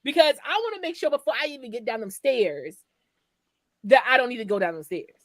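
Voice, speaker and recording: A woman co-hosting a casual chat show, animated and fond of acting out quoted voices. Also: a little high, fairly quick, dry recording. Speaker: podcast co-host.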